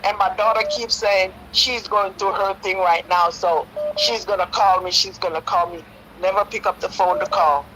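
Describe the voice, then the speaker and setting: A woman's voice: mid-range voice, fairly even intonation, moderate pace, noisy background. Hurt, pleading woman caller in her fifties. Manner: hurt, pleading, tells her story at length. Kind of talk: call-in radio talk.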